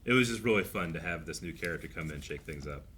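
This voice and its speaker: Bright-voiced man chatting casually. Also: rumbling low, fast. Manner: animated, rambling, laughs often. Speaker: reaction show co-host. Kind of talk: casual chat.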